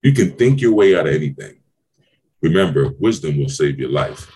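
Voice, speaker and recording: On his motivational podcast, a man playing business mentor preaches emphatically and swears freely. His voice is expressive, fast and dark in tone, and he swings up into high, exclaiming questions.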